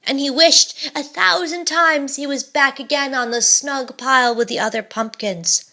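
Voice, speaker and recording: A woman reading a children's storybook aloud in an expressive, dramatic way. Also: sits high, moderate pace.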